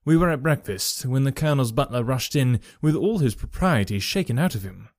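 A man reads a classic story aloud in an even storytelling manner. His voice sits mid-range and sounds dry and close to the mic. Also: mid-range voice, a little fast, no echo. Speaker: audiobook narrator. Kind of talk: scripted narration of a classic story.

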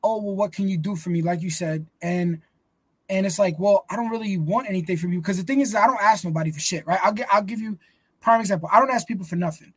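A man's voice: sits high, fast talker, breathy edge, dry recording. A man co-hosting a podcast in casual chat, rambling and swearing freely. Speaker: podcast co-host.

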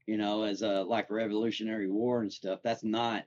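On a casual podcast, the male host rambles through anecdotes full of filler words. He speaks at normal speed in a low, level, darkish voice, with slight background noise in a dull lo-fi recording.

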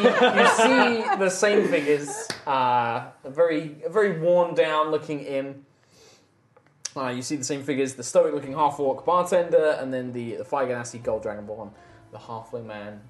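A woman's voice: low voice, normal speed, soft background music. A woman narrating as game master in a casual, hesitant way. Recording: echoey room.

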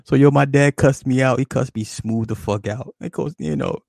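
A man's voice: mid-range voice, moderate pace, vocal fry, darkish tone, dry recording, studio quality. A man hosting a call-in show, telling a childhood story in a laid-back, profane way and laughing often. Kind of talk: casual late-night call-in storytelling.

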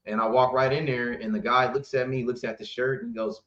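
Animated man telling trucking stories. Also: medium pitch, brisk, hardly any pauses. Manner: animated storyteller, acts out dialogue, laughs often. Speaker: trucking company owner, guest. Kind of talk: casual storytelling interview. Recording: roomy, slightly dull sound.

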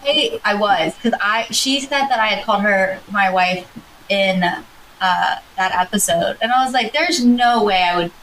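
A young woman co-hosting a podcast in casual chat, a lively storyteller who jumps up in pitch when excited. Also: a little slow. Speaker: podcast co-host. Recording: slightly distant mic, faint noise.

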